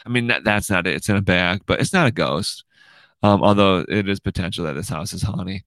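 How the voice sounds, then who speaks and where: A man's voice: deep voice, brisk, fairly bright tone, dry recording. A young man hosting his own show from home, rambling casually and swearing a lot, tacking "dude" and "right?" onto his sentences. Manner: profane, rambling, ends lines with "dude" and "right?". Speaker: podcast host. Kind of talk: casual monologue. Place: room in his house.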